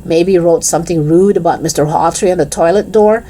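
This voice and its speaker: A woman reading a children's chapter book aloud in an expressive, lively storytelling manner. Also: fairly low pitch, fairly quick.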